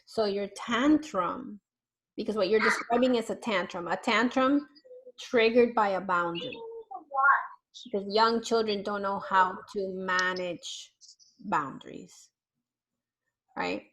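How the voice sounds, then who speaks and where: A woman parenting therapist coaching parents on a video call, deliberately swinging her voice from high to low. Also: fairly bright tone, slight background noise, poor audio.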